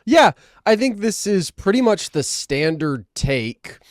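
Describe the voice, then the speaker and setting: A man's voice: sits high, very animated, slow pace, dry recording, clean studio sound. A young man hosting a casual sports podcast, joking around and laughing often between football takes. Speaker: podcast host.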